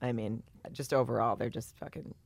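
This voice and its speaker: A woman co-hosting a podcast in casual chat, wry and quick with questions. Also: very deep voice, gravelly, a little mellow, no room sound. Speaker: podcast co-host.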